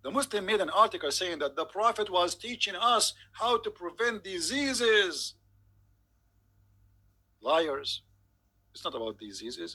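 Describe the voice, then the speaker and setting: A man's voice: fairly high pitch, sharp tone, slightly rough. A man giving a sarcastic, mock-incredulous comedic monologue. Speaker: comedic commentator.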